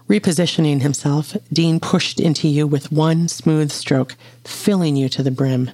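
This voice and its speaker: A storyteller reading an intimate audio story aloud in a slow, steady way. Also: mid-range voice, no echo. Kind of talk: scripted narration of an audio story.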